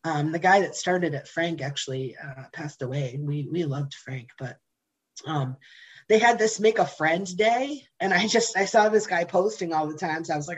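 A woman with a slightly low, husky voice tells her story casually. She rambles with fillers and restarts and breaks into laughter often. Her talk is loose and conversational. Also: moderate pace, poor audio. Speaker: singer telling her story.

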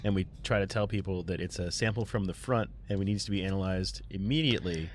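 A man's voice: deep voice, fast, slight background noise. A man playing a tabletop game, talking through plans in a laid-back, rambling way full of fillers. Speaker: player. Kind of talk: casual tabletop play.

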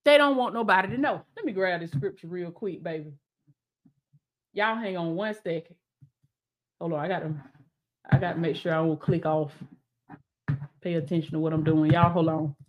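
A woman's voice: fairly low pitch, steady tone, moderate pace, long pauses, darkish tone. A woman preacher and coach preaching fervently on a live stream, repeating phrases and calling out to her viewers.

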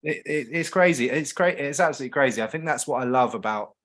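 A man's voice: medium pitch, expressive, fast talker, fairly bright tone. Enthusiastic man. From South London, England. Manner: enthusiastic, restarts a lot. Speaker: podcast guest, business owner. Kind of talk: casual chat.

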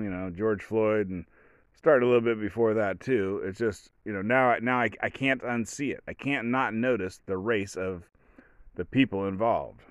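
A man's voice: on the low side, clear, resonant tone, dry recording, studio quality. A man hosting a solo podcast, telling a story in a rambling way and often stopping mid-sentence to restart. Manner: rambling, self-interrupting storyteller. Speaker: podcast host. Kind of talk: solo casual podcast monologue.

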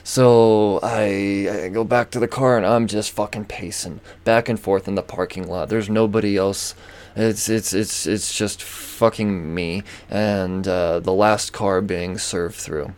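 A man's voice: fairly low pitch, steady tone, unhurried, a little mellow, clear, resonant tone. A man hosting a podcast, telling a story in a casual, profane, exasperated rant. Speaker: podcast host.

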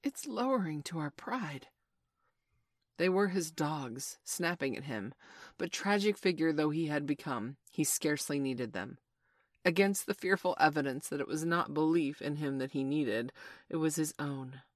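A woman's voice: deep voice, moderate pace, dry recording, clean studio sound. A woman reading a classic adventure story aloud, narrating with dramatic expression.

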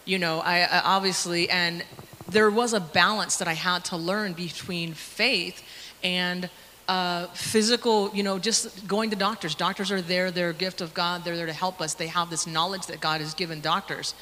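A young woman tells a personal story of faith to her Sunday school class. She talks haltingly, full of fillers, her emotion showing through a bright, forceful tone. The recording rings with a long church reverb over faint background noise. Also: on the low side, steady tone. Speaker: church member sharing a testimony.

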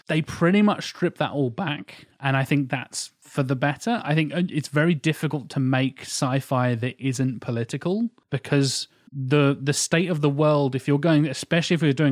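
English guy rambling excitedly on a podcast, close dry mic, mid pitch. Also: no echo. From England. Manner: animated, enthusiastic, quick asides. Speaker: podcast guest. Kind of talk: casual chat.

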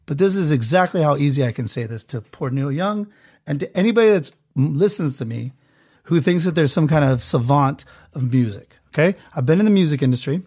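A man hosting a podcast, doing a crude, rambling mock sponsor rant that swings between loud bursts and mutters. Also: a little high, expressive, brisk, slightly rough, no room sound, clean studio sound. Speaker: podcast host.

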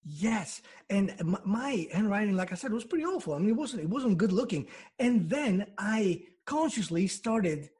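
Husky man explaining hypnotherapy. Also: high-pitched, very animated, moderate pace, few pauses, darkish tone. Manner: explains with everyday examples, many restarts. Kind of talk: explanatory interview talk.

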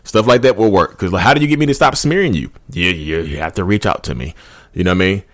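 A man in his thirties talks straight to his audience in a casual, rambling way, sliding into passionate rants. His voice sits on the low side. The sound is dry and close, with no room echo. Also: expressive, fast talker. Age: 30s. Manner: chatty and rambling, often addresses viewers as "y'all"; passionate, ranting bursts. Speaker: YouTube channel host. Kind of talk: casual talk to camera.

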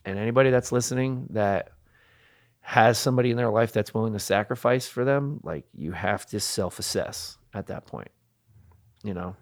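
Man in his thirties, low voice, earnest, confessional podcast guest. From New Jersey, USA. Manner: earnest, confessional, speaks slowly with pauses. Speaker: guitarist guest. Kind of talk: candid podcast interview.

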